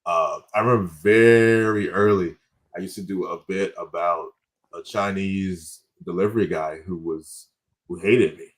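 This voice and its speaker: A man's voice: deep voice, fairly even intonation, measured pace. A man, a comedian guest on a podcast, telling rambling stories in casual chat and correcting himself as he goes. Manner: rambling anecdotal storytelling with self-corrections.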